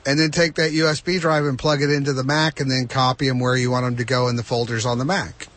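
A man's voice: mid-range voice, flat delivery, fast, fairly bright tone. A man hosting a radio tech show, explaining a fix step by step to a caller. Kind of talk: call-in advice.

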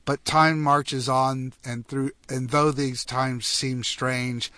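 A man with a crisp, bright voice hosts a radio call-in show from a studio. He reads a rhyming poem aloud with steady, measured rhythm. The sound is close and dry, with no room around it. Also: medium pitch, no room sound. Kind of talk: reading a comic holiday poem aloud.

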